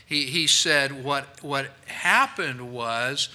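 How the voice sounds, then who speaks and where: A male pastor telling a story in a sermon, animated and acting out the voices of people he quotes, on a worn microphone in a church. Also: mid-range voice, very slow, no room sound, low-quality recording.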